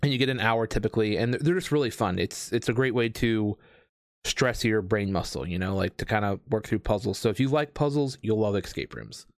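A man telling a long story in casual chat, rambling with lots of fillers and restarts, getting animated. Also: fairly low pitch, fairly quick, no echo, clean studio sound. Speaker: escape room game host.

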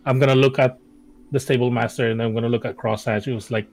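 Gravelly-voiced male player. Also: mid-range voice, steady tone, poor audio. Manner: chatty, giggly, describes actions in halting bursts. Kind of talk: casual tabletop play.

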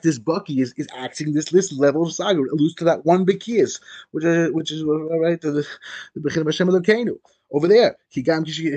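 Fast, animated rabbi teaching a daily class. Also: male voice, fairly high pitch, slightly rough. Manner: animated, repeats and restarts often, mixes in Hebrew terms. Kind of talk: Torah lesson.

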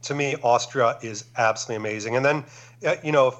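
A man's voice: mid-range voice, fast talker, fairly bright tone, dull audio. Enthusiastic man chatting as a guest. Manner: enthusiastic, rattles off lists. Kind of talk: casual chat.

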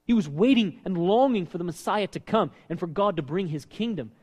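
A man preaching a sermon as pastor, animated and asking his listeners questions. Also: sits high, brisk, husky. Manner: animated, asks the congregation questions. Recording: long reverb of a hall.

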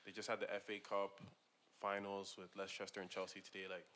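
A man co-hosting a casual sports podcast, easygoing and upbeat, giving shout-outs. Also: sits low, completely flat delivery, fairly quick, slight background noise. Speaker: podcast co-host.

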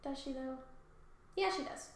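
A woman's voice: high voice, normal speed, slight background noise. A young woman co-hosting a podcast, retelling a myth in rambling casual chat and swearing easily. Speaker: podcast co-host. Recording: echoey room.

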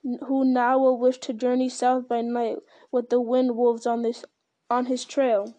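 Woman voicing a grave old male wizard, commanding, measured, soft mellow voice, fairly high. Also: level tone, close to an everyday voice.

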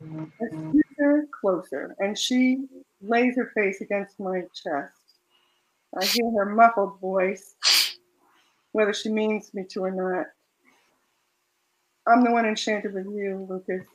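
A woman author reading her own romance fiction aloud in a soft, measured way, then chatting about the story. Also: mid-range voice, rough recording.

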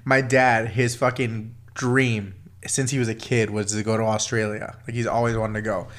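A man's voice: on the low side, little pitch movement, moderate pace, a bit bright. Profane young man rambling on a podcast. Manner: profane, rambling, laughs often. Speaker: podcast co-host. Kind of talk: casual podcast banter.

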